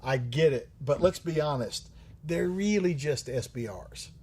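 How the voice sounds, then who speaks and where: A man's voice: a little high, animated, unhurried, darkish tone, breathy edge. A man hosting a livestream who answers viewer questions in a rambling, joking way, swearing often and using many fillers. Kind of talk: casual live-stream chat.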